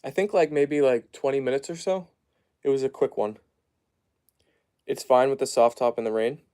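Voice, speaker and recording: A man's voice: medium pitch, lively intonation, moderate pace, clean tone. Chatty man live-streaming at home. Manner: chatty, reads viewer comments aloud and hushes his dogs softly. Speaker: live streamer reading chat. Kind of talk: casual live-stream chat. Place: at home, down in the basement.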